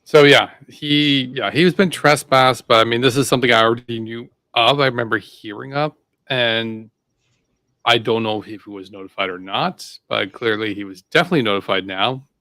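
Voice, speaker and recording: A man's voice: mid-range voice, moderate pace, pushed and bright, no echo. A man co-hosting a talk show, commenting casually with hesitant, rambling phrasing. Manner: hesitant, rambling with many restarts. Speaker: co-host. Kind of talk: casual chat.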